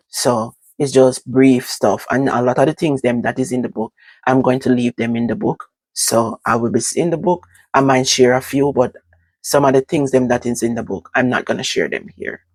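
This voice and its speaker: A woman's voice: very deep voice, moderate pace, no echo. Older jamaican lady vlogging her life story, patois mixed w proper english, dry close sound. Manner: switches between patois and standard English, animated when telling the story. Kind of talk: casual storytelling to camera.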